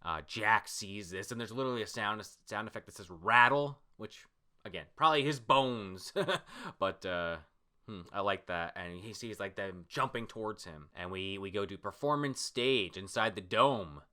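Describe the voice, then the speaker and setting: Man hosting a comic reaction video, very bright sharp voice, casual chatty commentary, swears freely. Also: fairly low pitch, lively intonation, moderate pace. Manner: reads character lines aloud with emphasis. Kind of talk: casual read-through and commentary.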